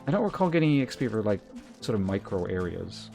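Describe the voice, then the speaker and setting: A young man streaming a game, musing in casual, relaxed commentary. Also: on the low side, fast talker, gravelly. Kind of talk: casual let's-play commentary. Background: faint game music.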